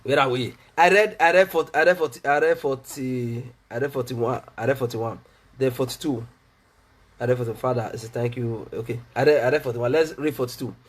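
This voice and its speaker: This Nigerian pastor preaches a sermon in a mid-range voice at a slightly quick pace. He is fervent, repeats his phrases, and laughs between lines.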